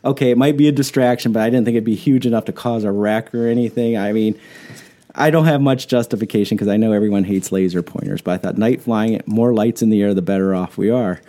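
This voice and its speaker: A man on a podcast chatting casually, telling animated stories and often breaking into laughter. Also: lowish voice, fast talker. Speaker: podcast co-host.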